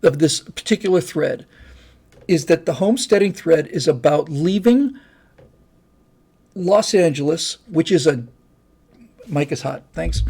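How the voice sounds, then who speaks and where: Gravelly man hosting a livestream Q&A. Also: fairly high pitch, animated, takes it slowly, long pauses, darkish tone. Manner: rambling, chatty, with many restarts and fillers. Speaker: livestream host. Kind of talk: casual livestream Q&A.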